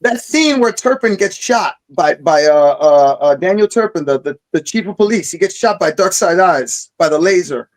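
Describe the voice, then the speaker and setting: An excited man telling stories in casual chat, swearing freely as he talks. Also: high voice, moderate pace, few pauses, poor audio. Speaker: podcast host.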